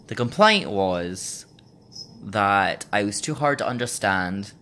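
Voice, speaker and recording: Deep-voiced man with a put-on Russian accent. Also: expressive, slow pace, sharp tone, a little hiss or hum. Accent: Russian-style put-on accent. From United States. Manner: chatty, rambling, wry. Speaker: vlogger. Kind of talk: casual storytelling vlog.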